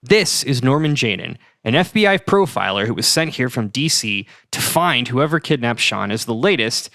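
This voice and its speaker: A man co-hosting a podcast, telling a story in animated casual chat and laughing often. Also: medium pitch, no echo, studio quality. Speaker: podcast co-host.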